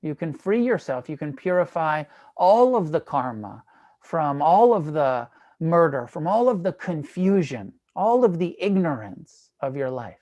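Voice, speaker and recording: A man's voice: on the high side, very animated, unhurried, darkish tone, lo-fi sound. A man voicing the serene Buddha. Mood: reassuring. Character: calm, serene male Buddha.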